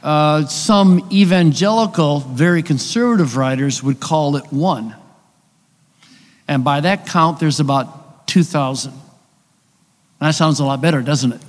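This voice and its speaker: A man's voice: fairly high pitch, slow pace, long pauses. A man giving a conversational conference lecture, explaining with rhetorical questions and asides. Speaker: conference speaker on biblical texts. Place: church hall. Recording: long hall reverb.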